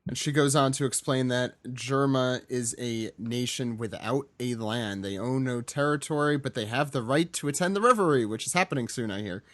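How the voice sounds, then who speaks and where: A man's voice: medium pitch, moderate pace, few pauses, dry recording. A man co-hosting a podcast, chatting casually and tossing in joking asides. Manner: joking asides and self-deprecating trailing off. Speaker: podcast co-host. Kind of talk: casual chat.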